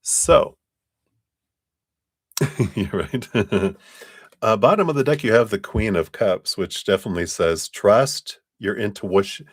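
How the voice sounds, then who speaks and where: A man's voice: lowish voice, animated, takes it slowly, pauses often, breathy edge. A man doing a casual live tarot reading, chatty and loose in his phrasing, often breaking into laughter. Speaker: tarot reader on a live stream.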